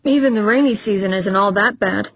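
A woman's voice: medium pitch, brisk, slightly rough, no echo, dull audio. Woman reading as an eager male project boss.

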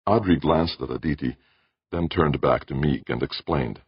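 A man reading science fiction aloud as an audiobook narrator, in measured, expressive storytelling. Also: rumbling low, breathy edge, dry recording. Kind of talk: scripted narration. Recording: dull, dry lo-fi audiobook recording.

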